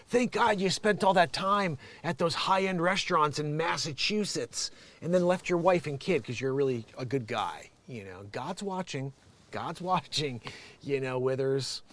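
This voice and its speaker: Male show host, mocking rambler, slightly high pitch, casual rant style. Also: moderate pace. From United States. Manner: sarcastic, rambling, laughs often, mocks with put-on voices. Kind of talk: casual ranting commentary.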